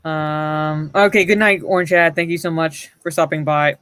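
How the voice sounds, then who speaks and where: A sarcastic man chatting casually on a show, his voice sitting somewhat high for a man. The sound is dry and close, with almost no room echo. He reads lines aloud and mocks them as he goes. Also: steady tone, normal speed, fairly bright tone, clean tone. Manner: sarcastic, reads comic panels aloud, swears. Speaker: podcast co-host. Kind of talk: casual commentary chat.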